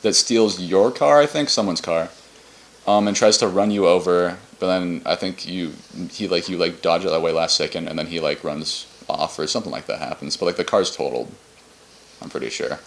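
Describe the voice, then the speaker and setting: A man's voice: low voice, moderate pace, vocal fry. A young man co-hosting a podcast, casually recapping a game in a rambling, unsure way and correcting himself. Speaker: podcast co-host.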